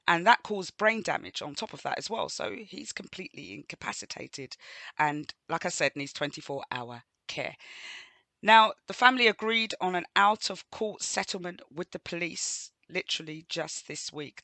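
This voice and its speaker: A woman's voice: on the low side, animated, moderate pace, pushed and bright, no room sound. A woman co-hosting a radio show, chatting casually with listeners, greeting them by name and reading the news. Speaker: radio co-host.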